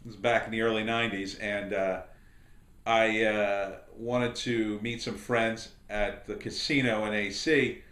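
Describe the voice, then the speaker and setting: A middle-aged podcast host with a lowish voice speaks a little slowly in a reverberant space, rambling through a long anecdote. He tells it as casual storytelling commentary, animating the voices of the people he quotes.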